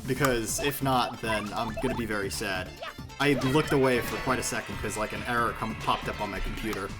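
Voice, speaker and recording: A man streaming himself playing a video game, chatting casually with viewers, rambling and swearing with plenty of fillers and restarts. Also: a little fast. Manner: rambling, profane, lots of fillers and self-corrections; animated, jumpy pitch. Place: home streaming setup. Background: video game music.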